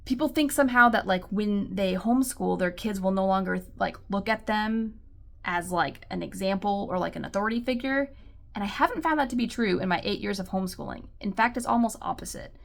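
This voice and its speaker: A woman's voice: mid-range voice, gravelly. A homeschooling mother giving earnest, reassuring encouragement, speaking casually with many likes and ums. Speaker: homeschool mom and channel host. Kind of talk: encouraging talk to camera.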